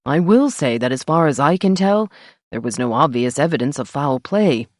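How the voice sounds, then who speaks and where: A woman voicing a middle-aged male doctor who speaks in a measured, careful way in an audiobook. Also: low-pitched, expressive, no echo, studio quality.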